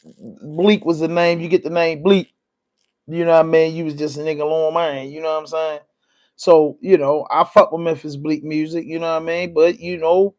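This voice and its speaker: Brief: easygoing male podcast host, slightly high voice, loose conversational commentary. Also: flat delivery, moderate pace. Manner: laid-back, peppered with "you know what I mean". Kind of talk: casual commentary.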